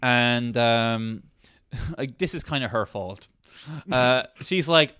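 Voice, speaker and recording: A man recapping a TV series with a co-host in casual comedic chat, animated and acting out quotes. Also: medium pitch, slow pace, clean tone, no room sound, studio quality. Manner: animated, acts out quotes in different voices.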